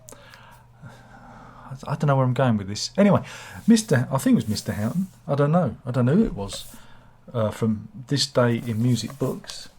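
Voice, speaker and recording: A man chats his way through a casual book review. His voice is husky and rough, and his delivery wanders, mixing sardonic jabs with cheerful self-mockery. The pitch sits in an ordinary middle range. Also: very animated, moderate pace, a little mellow. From England. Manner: rambling, sardonic and self-mocking. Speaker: book reviewer, channel host.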